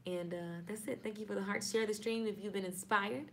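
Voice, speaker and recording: On a live stream about marketing, a Southern US woman chats casually and playfully at a fairly quick pace. Her mid-range voice is a bit bright with fairly even intonation, slight background noise sits behind it, and she signs off again and again.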